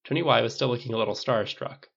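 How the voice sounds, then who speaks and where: A man reading a fan fiction story aloud, narrating in a lively way and raising his voice for the dialogue. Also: mid-range voice, fast, gravelly, breathy edge, dull audio. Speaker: audiobook narrator.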